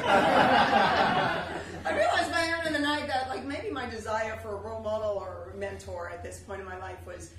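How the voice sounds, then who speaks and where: A woman's voice: mid-range voice, normal speed, noisy background. A woman in her thirties performing a chatty, self-deprecating comic monologue on a theater stage, heard on a distant, echoey live recording. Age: 30s. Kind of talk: solo comedy storytelling.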